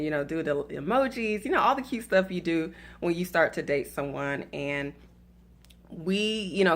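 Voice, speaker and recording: A woman with a Southern accent talks to her viewers in a casual, chatty way. She is playful and laughs at her own stories. She mixes faith with dating advice and calls her audience y'all. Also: deep voice. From Atlanta, US South. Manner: addresses viewers directly as y'all.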